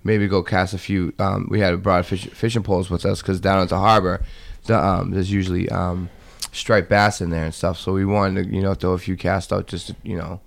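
Gravelly young man telling wild stories. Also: sits low, a little fast. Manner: animated storytelling, acts out voices loudly. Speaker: storyteller among friends. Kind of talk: casual chat.

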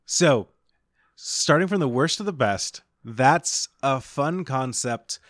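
A man's voice: mid-range voice, lively intonation, takes it slowly, a bit bright, no echo. Dry-voiced man riffing on podcast ideas. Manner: rambling, riffing on mock show ideas. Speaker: podcast co-host. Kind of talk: casual comedic chat.

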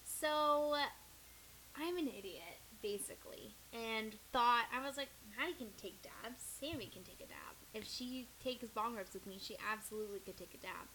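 A young woman co-hosting a podcast tells a story in casual chat, expressive and profane, acting out what people said. Her voice is fairly high at a moderate pace, and the rough recording carries slight background noise.

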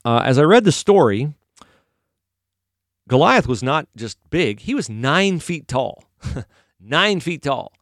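A man gives a casual faith talk in a conversational style, animated when he tells a story. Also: on the high side, takes it slowly, pauses often, dry recording, clean studio sound. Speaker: Christian commentator.

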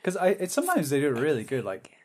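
A man's voice: a little high, huge pitch swings, racing, darkish tone, breathy edge. A man chatting casually on a podcast. He tells stories animatedly, jumps into quoted voices and laughs often as he talks. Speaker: podcast co-host. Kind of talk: casual chat.

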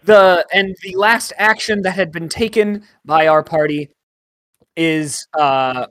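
A man narrating a tabletop game as game master, in a chatty, halting way with many fillers. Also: fairly high pitch, fairly bright tone, no room sound, poor audio.

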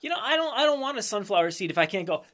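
A man co-hosting a podcast, teasing his partner and swearing in casual banter. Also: high-pitched. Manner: teasing, profane, animated. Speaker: podcast co-host.

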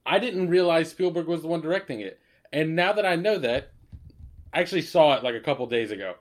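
Male podcast co-host, slightly high voice, hesitant and wry. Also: expressive, brisk. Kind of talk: casual chat.

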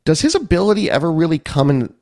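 A man's voice: on the high side, very animated, fast, darkish tone, no echo, studio quality. A man co-hosting a casual movie review podcast, wry and rambling, laughing at the film's flaws. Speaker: podcast co-host.

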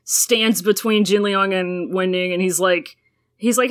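A woman's voice: medium pitch, steady tone, unhurried. A woman co-hosting a podcast, casually retelling a show's plot with jokes and swearing. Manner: playful, joking, swearing, dramatic retelling. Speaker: podcast co-host. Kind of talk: casual chat recapping a show.

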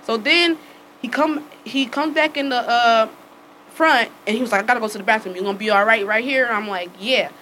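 A woman telling a story casually to friends, acting out the dialogue with lively swearing and frequent laughter. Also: fairly high pitch, brisk, a little hiss or hum, rough recording. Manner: animated, acts out quoted dialogue with swearing; laughs often while telling.

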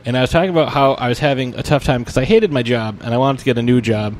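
A man's voice: medium pitch, quick pace, slight background noise. A man co-hosting a podcast, telling a story in a rambling, casual way, with many restarts and fillers. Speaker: podcast co-host.

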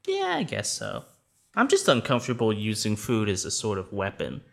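A man hosting an improv comedy sketch, with a wry, awkward, deadpan delivery. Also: on the low side, normal speed, gravelly. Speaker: host.

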